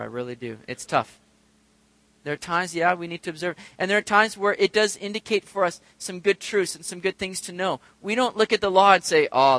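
A man delivers a sermon in a high, bright voice. He talks to his listeners in a chatty, conversational way and lifts into emphatic, climbing peaks to make his point. The sound is dry and close, with no room echo. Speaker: pastor.

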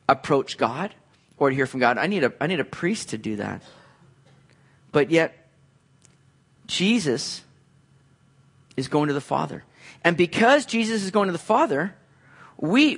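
A man's voice: high voice, fairly bright tone, husky. A man preaching a sermon as pastor, explaining scripture in a conversational way and acting out quoted voices.

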